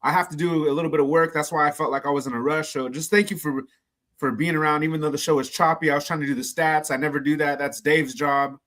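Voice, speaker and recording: A man's voice: fairly high pitch, steady tone, fast, fairly bright tone. A man co-hosting a sports betting show, blunt and profane, often cutting in. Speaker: podcast co-host. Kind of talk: casual chat.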